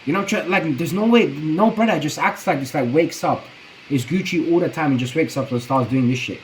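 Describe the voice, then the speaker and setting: A man's voice: fairly high pitch, fairly quick, a little hiss or hum, low-quality recording. A man streaming his reaction to a video, talking in a rambling, profane, slang-heavy way. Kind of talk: casual reaction commentary.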